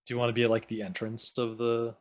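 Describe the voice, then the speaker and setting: A man's voice: mid-range voice, completely flat delivery, fast talker. Easygoing man running a tabletop game. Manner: easygoing, hesitant, lots of uhs. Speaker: game master.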